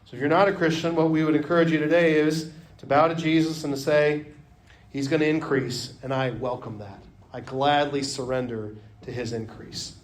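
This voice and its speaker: A man preaching a sermon as pastor, earnest, often dropping to a hush on key phrases. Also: a little high, steady tone, moderate pace.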